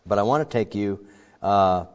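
A man preaching a sermon in a conversational, animated way, with frequent fillers and restarts. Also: fairly low pitch, moderate pace, lo-fi sound. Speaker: pastor.

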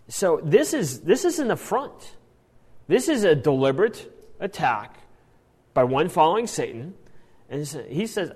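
A man teaching a Bible passage in an animated sermon style, often restarting his phrases. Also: fairly high pitch, moderate pace, long reverb tail. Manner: animated, acts out quoted lines, frequent restarts. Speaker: preacher.

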